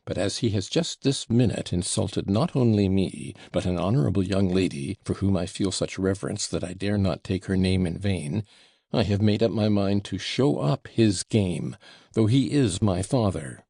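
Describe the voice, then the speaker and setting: A man voicing a furious young man who speaks in a soft controlled voice and growls with contempt. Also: low voice, lively intonation, moderate pace, gravelly, slightly rough, no echo, clean studio sound, heavily acted. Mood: indignant.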